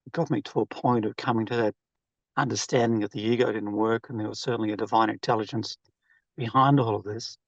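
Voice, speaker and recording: A man's voice: lowish voice, steady tone, a little fast, creaky, no echo. Man sharing his story over dull call audio. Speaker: participant sharing on a group call. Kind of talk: personal story shared on a call.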